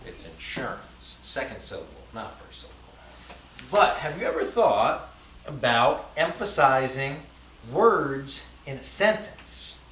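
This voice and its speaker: Speaking at a measured pace, this man has a mid-range, sing-song voice with a fairly bright tone. He leads a language class like a casual lecture, dropping in fillers and frequently checking on his students, heard from far off in an echoey room with light hiss.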